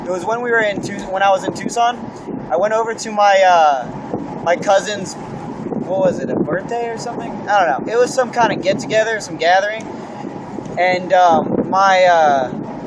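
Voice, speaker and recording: A man's voice: sits high, noisy background. A young man rambling through a spooky story in casual chat, swearing a lot, recorded outdoors.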